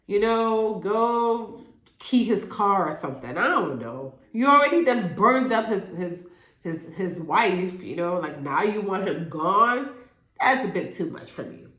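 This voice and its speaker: A woman talks through a TV episode in a casual recap. Her pitch rises and falls a great deal as she tells it, and she sounds as if she is in a room with noticeable echo. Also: unhurried. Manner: animated, acts out characters' lines in quotes. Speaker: YouTube show reviewer.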